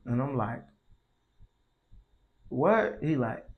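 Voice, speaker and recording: A man's voice: mid-range voice, moderate pace, muffled recording. A young man telling a story casually, in slangy and profane speech that grows heated. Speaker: vlogger.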